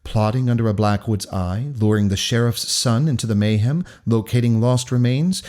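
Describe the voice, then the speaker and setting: A man reading the part of a calm, menacing male kidnapper who speaks with cold, formal politeness. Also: mid-range voice, lightly acted. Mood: cold polite. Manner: measured, courteous, coldly formal.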